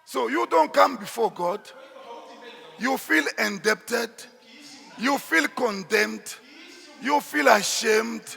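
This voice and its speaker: High, gravelly-voiced man preaching. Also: lively intonation, takes it slowly, long pauses, sharp tone, soft background music. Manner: emphatic preaching, shifts into Swahili asides. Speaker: pastor. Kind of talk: sermon. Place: church. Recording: echoey church hall.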